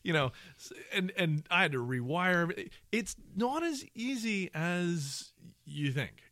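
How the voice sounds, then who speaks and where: A man's voice: sits high, animated, slow, bright, forceful tone, no echo, clean studio sound. A man co-hosting a podcast, talking casually about voice work, rambling with many restarts and asides. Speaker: podcast co-host, audio professional.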